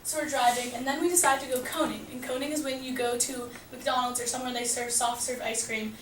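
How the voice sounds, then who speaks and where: A teenage girl casually telling a personal story to a group, animated and laughing, with a lot of "like.". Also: high-pitched. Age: teens. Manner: animated, laughing, heavy use of "like". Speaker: student storyteller. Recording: echoey room, mic at a distance, background noise.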